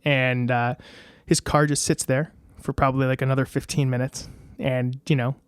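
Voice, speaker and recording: Animated American man telling stories. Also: medium pitch, normal speed, smooth, no echo. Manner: animated, acts out quoted voices. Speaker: podcast guest. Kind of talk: casual storytelling interview.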